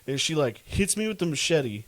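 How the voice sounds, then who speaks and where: A man co-hosting a podcast in casual chat, recounting a story with animated delivery, frequent laughs and fillers. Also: on the high side, moderate pace, dry recording. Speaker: podcast co-host.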